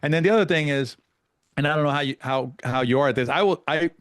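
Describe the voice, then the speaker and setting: A man talking fast and eagerly about his game, jumping back to restart his sentences. The sound is dry and close, with no room around him. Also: fairly high pitch, no echo. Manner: fast, animated storytelling with many restarts. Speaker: pickleball coach and guest. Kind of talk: casual podcast conversation.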